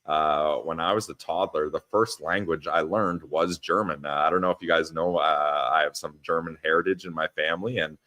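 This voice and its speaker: A young man with a low voice talks casually on a live-streamed podcast from a friend's parents' house. He laughs often and reads viewers' chat comments aloud as he goes. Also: fairly even intonation, moderate pace, few pauses, bright, forceful tone, no echo. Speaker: podcast co-host.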